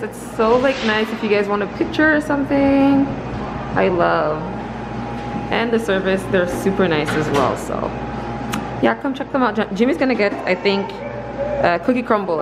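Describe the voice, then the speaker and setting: A woman's voice: medium pitch, lively intonation, normal speed, music in the background. A young woman vlogging in a casual, bubbly way, chatting on with lots of fillers. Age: young adult. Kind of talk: casual vlog chat.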